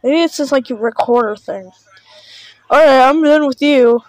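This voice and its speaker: A woman with a high, bright-sounding voice reacts to videos in a loose, chatty way, swinging between sarcasm and exaggerated fake panic. Her voice is recorded close and dry, with no room sound. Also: normal speed, no room sound, poor audio. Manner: mock-panicked, sarcastic, repeats "oh no, guys". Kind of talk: casual reaction commentary.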